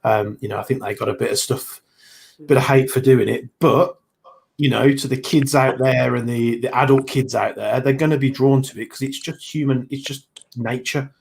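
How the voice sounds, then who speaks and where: Gravelly man, blunt. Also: mid-range voice, fairly even intonation, normal speed, a little mellow, a little hiss or hum. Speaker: co-host. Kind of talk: casual chat on a live stream.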